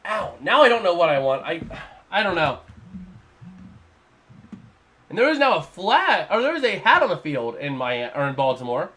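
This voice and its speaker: A man with a fairly high voice calls scores and plays as they come in on his live stream. He talks in a loose, rambling way, circling back to the same point again and again. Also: very animated, moderate pace, long pauses, a bit bright. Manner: rambling, repeats himself, casual. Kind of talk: live play-by-play and analysis.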